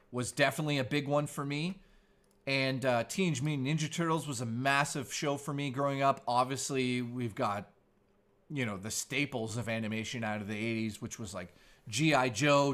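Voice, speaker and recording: A man's voice: mid-range voice, a bit bright. A man in his forties, a streamer host chatting casually in a laid-back, surfer-style way. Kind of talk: casual live-stream chat.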